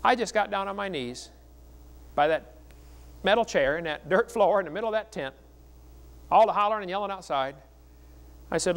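A man's voice: high voice, moderate pace, pauses often. A middle-aged man preaching at a seminar, telling stories in a folksy, joking way. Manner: folksy, joking, animated storytelling. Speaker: evangelist speaker.

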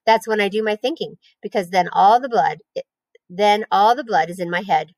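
A wise, motherly spider as a woman reads her aloud, talking in a steady, soothing way with a firm edge when she scolds. The voice sits a little higher than the reader's own, in a dry, close storybook reading. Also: normal speed, no echo, natural voice, poor audio. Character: calm wise female barn spider.

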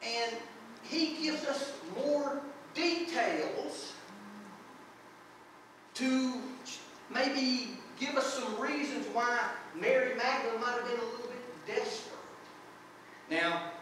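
A man preaching a sermon as pastor, earnest and unhurried, breaking into short prayers and reading scripture aloud. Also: high-pitched, a bit bright, slight background noise. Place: church sanctuary. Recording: echoey church from far off.

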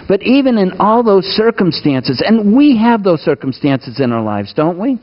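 Preacher with a higher voice, dull recording. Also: male voice, big pitch swings, normal speed, few pauses. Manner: asks the congregation questions, swings between raised and hushed delivery. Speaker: pastor. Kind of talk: sermon.

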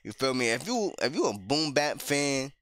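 A man's voice: normal speed, no echo, studio quality. A man hosting a music reaction video, talking casually with slang and frequent laughs. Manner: animated, slangy, laughs often; sometimes lowers his voice to a whisper.

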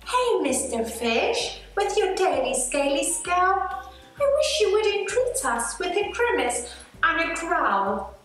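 Gentle coaxing jellyfish for a storybook, voiced by a woman, slow and high, roomy recording. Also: big pitch swings, heavily acted. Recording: echoey room, faint music.

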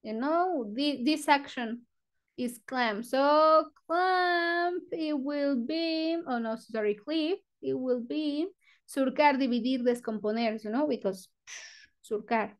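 Woman, high voice, book club teacher, chatty, filler-heavy explaining. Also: takes it slowly. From Mexico. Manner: chatty, loose, full of "you know, like" fillers. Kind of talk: reading aloud and explaining vocabulary.

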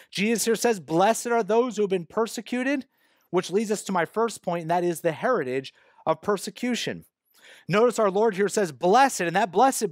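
A man's voice: a little high, no room sound. Emphatic preaching man, dry close sound. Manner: explanatory, conversational preaching with emphatic stresses. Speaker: pastor. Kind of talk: sermon. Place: church.

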